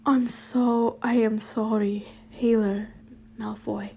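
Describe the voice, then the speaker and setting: A woman's voice: on the high side, little pitch movement, takes it slowly, creaky, dark tone, husky, full character voice. A woman voicing a polite, posh male boss at a wizard hospital, formal and sympathetic.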